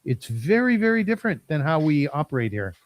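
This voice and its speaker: A man's voice: fairly high pitch, big pitch swings, brisk, no room sound. A man from Canada hosting a podcast interview, talking effusively and repeating himself for emphasis. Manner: warmly effusive, emphatic repetition. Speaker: podcast host.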